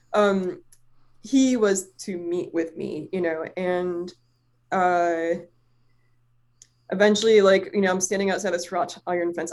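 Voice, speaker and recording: A woman's voice: mid-range voice, a little mellow. Woman rambling through a story, lots of likes and you-knows, swears, laughs a lot. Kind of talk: casual chat.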